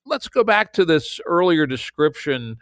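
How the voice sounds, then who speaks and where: A man hosting an interview podcast, asking gentle, appreciative questions. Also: a little high, sing-song, unhurried, dry recording, studio quality. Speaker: podcast host. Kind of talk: interview conversation.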